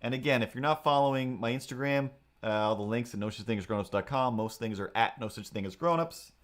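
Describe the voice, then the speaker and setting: A man's voice: mid-range voice, fast. A man hosting a live drawing stream, rambling casually with restarts and asides. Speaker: streamer and artist.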